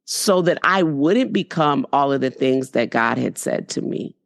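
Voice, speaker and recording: A woman's voice: very deep voice, expressive, a little slow, gravelly. A middle-aged woman, an entrepreneur, talking candidly and earnestly about her life in an interview, often saying "you know". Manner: earnest, faith-filled storytelling with frequent "you know". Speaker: entrepreneur guest.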